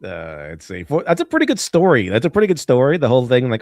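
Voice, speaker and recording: Animated, giggly male stream host. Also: medium pitch, quick pace, dry recording, studio quality. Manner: rambling and laughing, reading super chats aloud. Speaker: show host. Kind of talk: casual live-stream chat.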